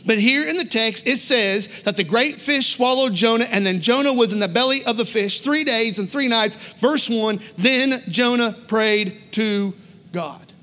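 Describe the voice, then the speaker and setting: A man's voice: extremely high pitch, normal speed, hardly any pauses, sharp tone. A man preaching a sermon as pastor, emphatic and repetitive, acting out voices from the story. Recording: long hall reverb.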